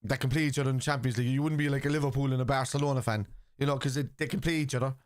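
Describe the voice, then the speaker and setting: An Irish man hosting a live football watchalong, bluntly arguing with his chat, swearing freely and shouting at chances. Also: mid-range voice, steady tone, very fast, no room sound. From Ireland.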